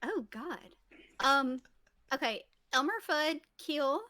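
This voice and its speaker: High, giggly, hesitant young woman. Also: expressive, takes it slowly, pushed and bright, slight background noise. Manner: hesitant, many ums, giggly. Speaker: guest streamer with a virtual avatar. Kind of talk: casual game-show chat.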